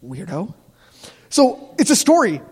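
A man's voice: sits high, animated, quick pace, long reverb tail. A man preaching a casual, jokey sermon as a youth pastor, often laughing at his own lines.

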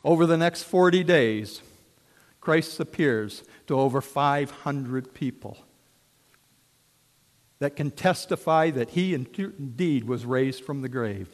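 A man preaching a sermon as a story, swinging from hushed tones to shouts. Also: medium pitch, expressive, slow pace. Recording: long hall reverb.

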